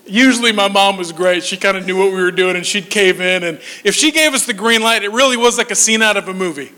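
A man in his forties telling comic stories on stage, animated and laughing through his punchlines. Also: sits high, a little fast. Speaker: stand-up comedian. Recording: long hall reverb.

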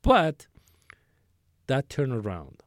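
In conversational storytelling, a man in his sixties recounts a long work story as an interview guest, rambling with restarts and acted-out dialogue. His mid-range voice swoops wildly in pitch while he speaks slowly. Clean studio sound, no echo.

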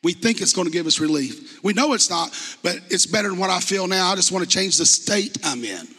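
A man's voice: high voice, expressive, brisk, sharp tone, breathy edge. A man preaching a sermon as pastor in a church sanctuary, talking in a conversational, impassioned way and asking the congregation rhetorical questions. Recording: long reverb from a church hall.

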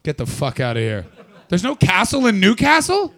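A man's voice: high-pitched, wildly swooping pitch, normal speed, fairly bright tone. A man doing stand-up, brashly and profanely teasing the audience in crowd work. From not from Britain. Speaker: stand-up comedian.

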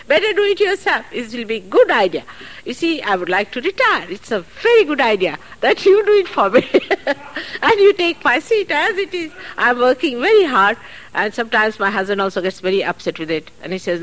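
A woman gives a spiritual talk at a public program, her fairly high voice rising and falling in wide swoops. She speaks earnestly, breaking off for chatty asides and soft laughs. The sound comes from an old archive recording. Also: sing-song, moderate pace, rough recording. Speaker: spiritual teacher. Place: public hall.

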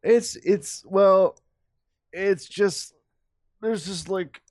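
A man's voice: high-pitched, drawn-out words, a little mellow, dry recording, clean studio sound. A man co-hosting a casual podcast, laid-back and joking, with crude quips. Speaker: podcast co-host. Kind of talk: casual chat.

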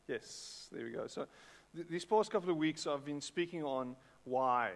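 A man's voice: on the high side, moderate pace, vocal fry, hardly any pauses. A man with a South African English accent preaching a sermon, chatting with the congregation and often repeating words. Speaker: pastor. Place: church hall with long reverb. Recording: echoey hall.

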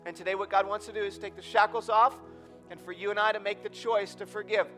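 A man's voice: sits high, fairly even intonation, quick pace, bright, forceful tone, faint music behind. A man in his thirties preaching a sermon in a church, earnest and storytelling, building to emphatic appeals. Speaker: pastor. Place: church auditorium.

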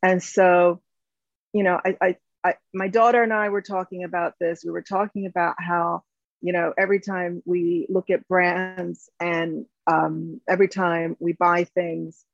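A woman's voice: fairly low pitch, flat delivery, a little slow, gravelly, dry recording. A woman in her fifties from the United States, a company founder talking reflectively in an interview, with many fillers and restarts. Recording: dull, slightly lo-fi sound.

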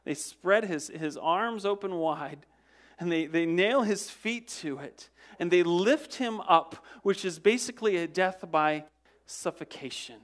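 A man with a notably high voice preaches a sermon as a pastor, telling the story with drama. He stumbles over repeated words and restarts, throws rhetorical questions at the congregation, and drops from loud emphasis into hushed, low passages. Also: animated, measured pace. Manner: dramatic storytelling with frequent word repetitions and restarts.

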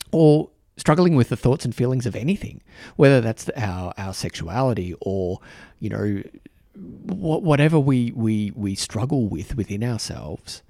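A man with an Australian accent, hosting a podcast and talking earnestly to the camera, halting and restarting his sentences often. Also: lowish voice, dark tone, no room sound, clean studio sound. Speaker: podcast host. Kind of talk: reflective solo talk to camera. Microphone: microphone in front of him.

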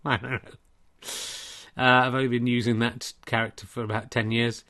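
A man's voice: mid-range voice, flat delivery, normal speed, bright, forceful tone. A middle-aged man hosting a comic solo podcast, rambling and self-mocking, with many restarts. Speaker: podcast host and comedian.

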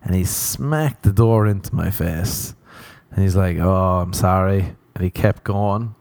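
A man's voice: fairly low pitch, unhurried, gravelly, mellow, dry recording. A man hosting a podcast, telling rambling, profane, self-mocking stories in a casual comedic monologue. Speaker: podcast host.

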